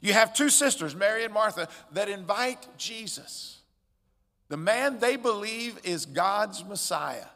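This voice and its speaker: High, bright-voiced preacher in a reverberant church. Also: male voice, measured pace. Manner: expressive, swings between loud emphatic peaks and quiet drops. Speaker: pastor. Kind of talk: sermon. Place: church sanctuary. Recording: long church hall reverb.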